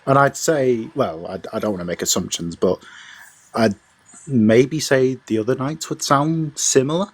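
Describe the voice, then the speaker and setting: A man's voice: medium pitch, moderate pace, slightly rough, no room sound. A man giving hesitant views as a guest in a casual online panel, often restarting his phrases.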